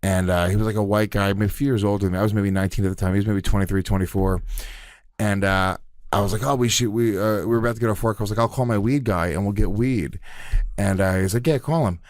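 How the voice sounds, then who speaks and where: A man's voice: fairly low pitch, steady tone, fast, no room sound, studio quality. A man co-hosting a podcast, telling stories in a laid-back, swearing, casual chat. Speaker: podcast co-host, comedian.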